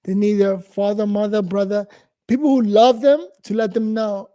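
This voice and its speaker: A man's voice: high voice, fairly even intonation, normal speed, warm tone. A man in his forties from New York, giving a blunt, profane, rambling casual monologue as host.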